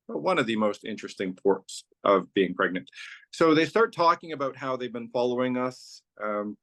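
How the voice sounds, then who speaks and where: A man's voice: mid-range voice, fairly bright tone. Man telling a personal story casually. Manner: loose and rambling, strings clauses with "so" and "like". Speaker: company founder telling his story as a guest.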